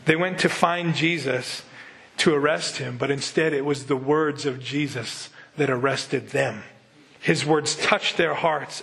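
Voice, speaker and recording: A man's voice: on the high side, gravelly, fairly bright tone. A middle-aged male pastor preaching a sermon in a conversational way, often asking rhetorical questions.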